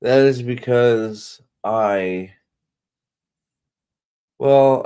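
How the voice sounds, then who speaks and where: Slow rambling male streamer. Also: mid-range voice, clean tone. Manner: rambling, joking, hesitant. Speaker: streamer host. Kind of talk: casual livestream chat.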